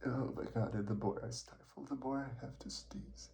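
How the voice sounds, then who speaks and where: A man vlogging through an allergy sneezing fit, talking slowly and dropping into a whisper between sneezes. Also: medium pitch, fairly even intonation, vocal fry, noisy background. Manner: slow, partly whispered talk between sneezes. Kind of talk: casual talk to camera.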